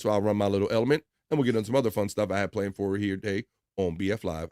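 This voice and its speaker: Talking fast in a lowish, darkish voice with a steady tone, a middle-aged man runs a livestream. He reads viewer comments aloud and rambles along in a loose, chatty manner packed with fillers.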